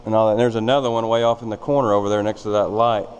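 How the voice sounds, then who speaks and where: Out of breath, a vlogger rambles through a casual walkthrough of a big, empty old factory, filmed on a handheld camera. His voice is on the low side, fairly even, rapid-fire, darkish, clear and resonant, though the highs are cut off. He's plainspoken and full of fillers.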